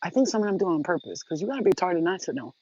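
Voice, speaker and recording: A woman's voice: fairly low pitch, very animated, very fast, warm tone, slightly rough, no echo. Woman vlogging to her viewers, blunt and cussing a lot, dry close sound, kinda dull lo-fi audio. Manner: blunt, profane, emphatic. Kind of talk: casual direct-to-camera talk.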